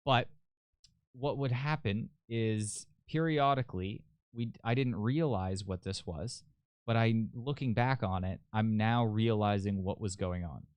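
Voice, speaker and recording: Young man with a smooth low voice. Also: a little slow, darkish tone, no room sound, highs cut off. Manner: loose and profane, rambling. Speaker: podcast host. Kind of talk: casual storytelling.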